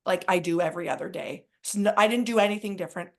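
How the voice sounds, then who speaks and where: A woman co-hosting a podcast, telling a rambling, excitable story in casual chat, full of "like". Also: medium pitch, fast talker. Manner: rambling and excitable, heavy use of "like". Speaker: podcast co-host.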